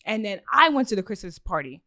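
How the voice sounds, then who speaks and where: Woman, podcast guest, rambling casual storytelling, heavy swearing, mid pitch, dry close mic. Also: fast, dry recording. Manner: animated, acts out quotes.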